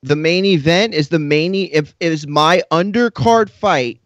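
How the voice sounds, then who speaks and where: Male fighter, slightly high voice, sarcastic and dismissive, dry close sound. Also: measured pace, fairly bright tone, no room sound, highs cut off. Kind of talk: heated argument.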